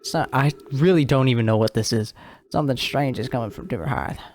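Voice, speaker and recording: A lonely alien lookout keeper talks in a slow, rural drawl, voiced by a man reading game text aloud. The tone stays dry and wry. The voice sits at an ordinary middle pitch for a man. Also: darkish tone, slight background noise, lightly acted. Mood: uneasy. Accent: put-on rural drawl.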